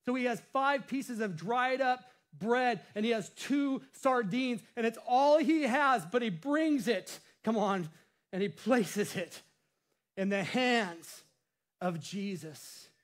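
A man's voice: very high-pitched, expressive, slow pace. A male pastor preaching a sermon with a playful style, cracking jokes and laughing at himself.

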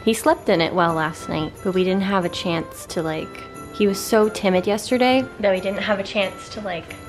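Woman, casual home vlog, chatty, lots of filler words, mid pitch. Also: normal speed, music in the background. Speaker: vlogger. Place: home kitchen.

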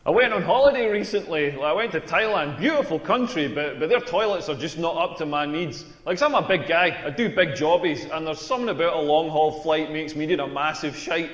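Crude scottish stand-up comic, high-ish voice, big echoey hall. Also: male voice, fairly quick, few pauses. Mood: brash. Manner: crude, brash deadpan punchlines. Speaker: stand-up comedian. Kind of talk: stand-up comedy set. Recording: echoey hall with long reverb.

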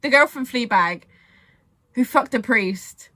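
A young woman giving casual reaction commentary on a music video, gushing and excitable and swearing freely. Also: fairly high pitch, slow.

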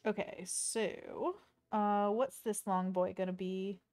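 Woman art streamer, playful running chat at an unhurried pace, middle pitch, soft music underneath. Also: fairly even intonation. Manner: playful, chatty, reads chat messages aloud. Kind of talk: casual chat while drawing on stream.

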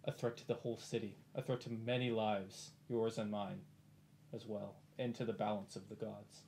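A man's voice: fairly low pitch, little pitch movement, moderate pace, creaky, a little mellow, voice pushed down. Man playing a solemn cleric, formal old-style speech, faint room noise.

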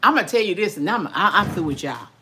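A woman's voice: on the low side, expressive, fast, pushed and bright, a little hiss or hum. An older woman, chatting casually with viewers while eating, folksy and talkative. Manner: folksy, chatty, talks with mouth full. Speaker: vlogger.

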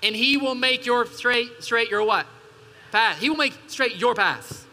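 High-pitched, bright-voiced preaching pastor. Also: male voice, unhurried. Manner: emphatic preaching with call-and-response asides. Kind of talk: sermon. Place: church hall. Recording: church hall reverb.

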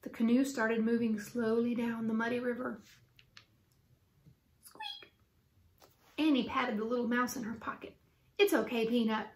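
A woman narrates a children's chapter book aloud in a clear, steady storytelling manner. Her voice sits somewhat high and carries a roomy echo. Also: a little fast, hardly any pauses, slight background noise. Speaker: reader.

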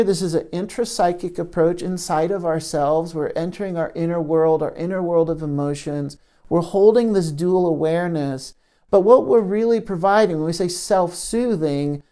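Male therapist, mellow tone, reflective teaching talk, gentle pauses. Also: high voice. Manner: gentle, thoughtful, with frequent pauses and restarts.

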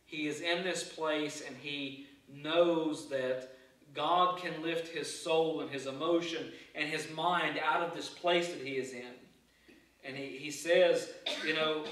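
Earnest preacher in an echoey church. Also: male voice, fairly high pitch, pushed and bright. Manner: earnest, halting preaching with repeated restarts. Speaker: pastor. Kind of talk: sermon. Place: church sanctuary. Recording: echoey church hall, mic far off.

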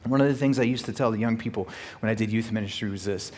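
Husky-voiced male pastor preaching. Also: fairly low pitch, quick pace, darkish tone. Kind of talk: sermon. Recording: echoey hall reverb.

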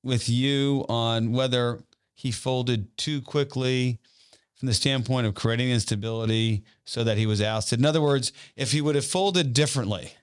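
A man's voice: mid-range voice, moderate pace. Engaged male podcast host asking questions. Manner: engaged, asks long layered questions with restarts. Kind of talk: interview questions.

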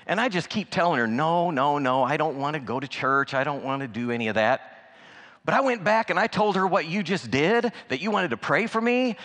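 A man's voice: fairly high pitch, animated, fairly quick, fairly bright tone, long reverb tail. A man voicing a young female waitress who is overwhelmed and in debt, in a raised, breathless storytelling voice. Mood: amazed.

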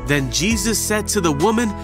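A man's voice: high-pitched, lively intonation, moderate pace. Man narrating a kids' Bible story. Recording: narration over background music.

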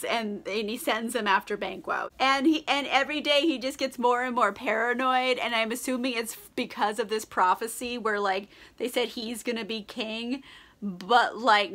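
A woman's voice: on the high side, sharp tone. A tipsy woman doing a casual book recap vlog, slangy and profane, leaning on "like" and laughing a lot. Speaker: book vlogger.

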